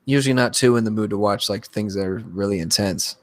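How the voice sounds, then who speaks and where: A man's voice: on the low side, fairly quick, no echo. A man co-hosting a casual podcast chat, laid-back and dryly sarcastic. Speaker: podcast co-host.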